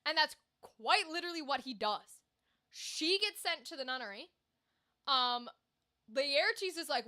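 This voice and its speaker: A woman's voice: high-pitched, unhurried. A woman hosting a livestream, animatedly ranting in casual talk and swearing while chatting with viewers. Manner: animated, swearing, talks to chat. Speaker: livestream host.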